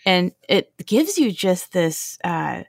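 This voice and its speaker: A woman's voice: lowish voice, big pitch swings, slow, gravelly, no room sound, clean studio sound. A woman hosting a casual conversation, reflective and encouraging. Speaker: host. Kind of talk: casual interview chat.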